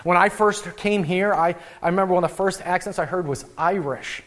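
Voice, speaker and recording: Young male pastor, light high voice, chatty animated sermon delivery. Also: brisk. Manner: conversational, animated preaching with frequent restarts.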